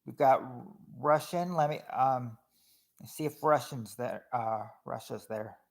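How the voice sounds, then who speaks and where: A man's voice: medium pitch, slow pace, gravelly. A man casually hosting a family game show on a livestream, reading out viewers' answers and names, with a lot of hesitant restarts. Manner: chatty, reads chat names, hesitant restarts.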